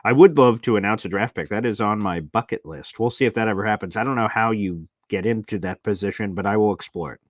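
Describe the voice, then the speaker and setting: A young adult man hosting a casual live-stream chat, reading viewer comments aloud and rambling into animated stories. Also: lowish voice, quick pace, few pauses, no echo, clean studio sound. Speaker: live show host.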